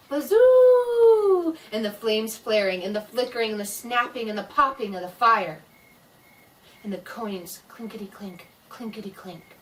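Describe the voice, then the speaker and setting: A woman reading a scary story aloud in a slow, dramatic way, voicing the sound effects herself. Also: mid-range voice, fairly bright tone, distant mic, poor audio. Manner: slow spooky delivery with voiced sound effects.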